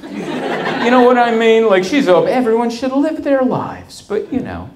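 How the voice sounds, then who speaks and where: A man's voice: very high voice, very animated, measured pace, noisy background. A man doing a stand-up comedy set in a small venue, rambling and interrupting himself, laughing at his own jokes as the audience talks back. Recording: live room with loud crowd. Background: audience laughing and talking back.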